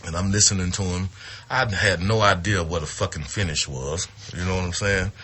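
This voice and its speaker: Male storyteller, low register, foul-mouthed and animated, casual anecdote. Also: moderate pace, breathy edge. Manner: profane, animated, acts out quotes. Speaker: retired wrestler telling a story.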